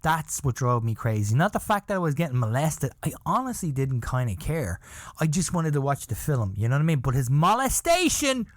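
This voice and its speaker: A man's voice: fairly high pitch, very animated, a little fast, dry recording, studio quality. Middle-aged man telling a rambling story. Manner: profane, rambling, with lots of "you know". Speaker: podcast host. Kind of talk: casual storytelling.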